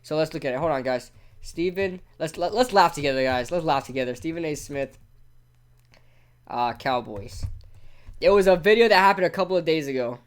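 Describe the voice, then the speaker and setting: A man hosting a casual live sports talk stream, excitable and talking straight to his chat. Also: a little high, brisk, clear, resonant tone. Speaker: sports talk show host.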